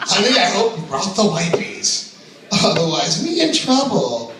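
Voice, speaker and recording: Brash, crude male open mic comic, high lively voice; far-off mic, very echoey room. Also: a little slow, background noise. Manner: crude, brash, laughs at his own jokes. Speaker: stand-up comedian. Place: comedy club stage.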